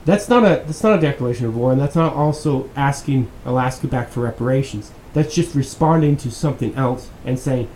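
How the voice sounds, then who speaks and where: A man's voice: mid-range voice, brisk, hardly any pauses, darkish tone. A man hosting a podcast, giving profane, exasperated and sarcastic news commentary. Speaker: podcast host. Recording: echoey room with faint background noise.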